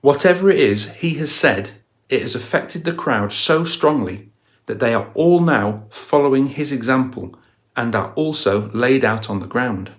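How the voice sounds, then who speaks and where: A man's voice: mid-range voice, expressive, unhurried. Man narrating a video explainer. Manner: storytelling, analytical walkthrough. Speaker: guitar channel host.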